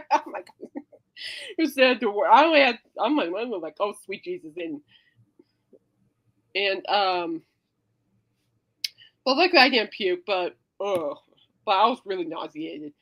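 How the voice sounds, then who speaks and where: A woman hosting a casual podcast, rambling through an animated story with many fillers and dramatic re-enactments of her own reactions. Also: medium pitch, slow pace, pauses often, lo-fi sound. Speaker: podcast host. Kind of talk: casual rambling livestream chat.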